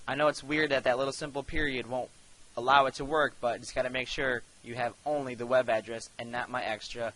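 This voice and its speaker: Bright-voiced man teaching a screen tutorial. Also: mid-range voice, a little hiss or hum, poor audio. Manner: casual step-by-step instruction, addresses students directly.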